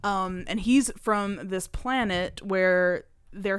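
Chatty woman with a smooth voice. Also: mid-range voice, slow, no room sound, studio quality. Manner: chatty, laughs often, says "like" a lot. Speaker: podcast co-host. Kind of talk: casual chat.

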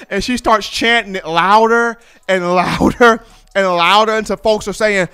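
A man giving sports talk commentary, an animated storyteller who acts out the fans he describes. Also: high voice, a little slow, smooth. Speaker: football commentator.

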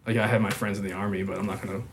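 A young man talks openly and quickly, his speech halting and packed with fillers. His voice sits on the low side. A faint hiss runs under the recording. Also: little pitch movement, creaky. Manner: halting, filler-heavy, lots of "like". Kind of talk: candid personal conversation.

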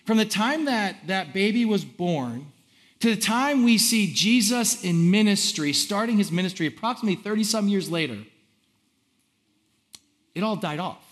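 Guy preaching a sermon, kinda high voice, animated and chatty, does the crowd's reactions. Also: moderate pace. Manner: reads scripture aloud. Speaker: pastor.

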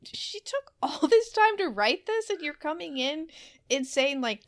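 Animated, exasperated woman co-host. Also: sits high, unhurried. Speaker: podcast co-host. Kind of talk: casual chat. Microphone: video call.

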